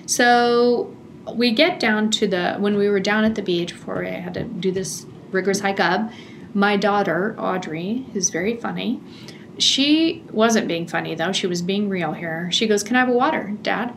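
A middle-aged woman telling a personal family story in a chatty, animated way, laughing often. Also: medium pitch, a little slow, gravelly, slight background noise. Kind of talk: casual storytelling.

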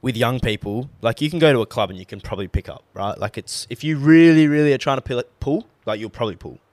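A man's voice: medium pitch, animated, fast talker, a little mellow, no room sound. A young man co-hosting a podcast in casual chat, laid-back and swearing freely. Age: young adult. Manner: laid-back, swears a lot, trails off with fillers. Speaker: podcast co-host.

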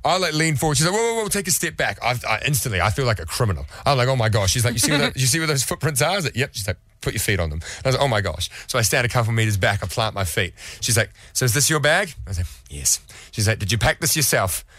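A man's voice: mid-range voice, animated, very fast, few pauses, fairly bright tone, dry recording. A young man, co-hosting a radio show and telling a story sheepishly, laughing a lot and restarting sentences. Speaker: radio co-host. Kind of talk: casual radio banter.

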